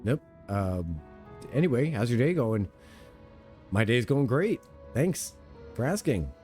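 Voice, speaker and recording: Man from europe, game streamer, playful chatty commentary, animated pitch, mellow tone. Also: takes it slowly, soft background music. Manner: playful, chatty, laughs at himself. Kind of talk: casual gameplay commentary.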